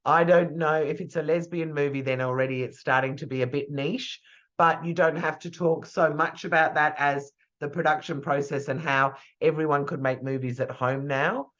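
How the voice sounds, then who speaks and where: A man's voice: fairly high pitch, fairly even intonation, moderate pace, fairly bright tone. Man, PR coach, rambling friendly advice over a muffled video call line. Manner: chatty, hesitant, thinks aloud with fillers and restarts. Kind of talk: live online masterclass Q&A.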